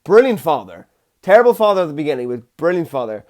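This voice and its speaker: Man, young adult, podcast host, chatty, slightly high voice. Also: quick pace. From Ireland. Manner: chatty, jokey, animated storytelling. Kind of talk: casual solo podcast chat.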